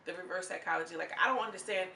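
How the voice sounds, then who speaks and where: A woman reviewing a reality show in a casual vlog, animated and slangy, with plenty of commentary. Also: on the low side, very fast, creaky, slight background noise. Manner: animated and slangy, acts out quotes in mocking voices. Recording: echoey room.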